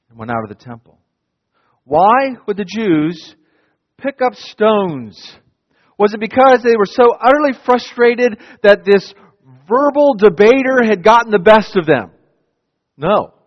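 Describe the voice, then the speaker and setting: Man preaching, high voice, emphatic and dramatic, long hall echo, dull sound. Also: sing-song, normal speed. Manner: dramatic, emphatic preaching with wide swings in loudness. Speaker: pastor. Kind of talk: sermon.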